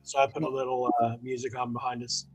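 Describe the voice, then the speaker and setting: A man's voice: medium pitch, level tone, quick pace, husky, poor audio. Easygoing man hosting a talk stream. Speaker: host. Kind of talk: casual chat. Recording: faint music behind.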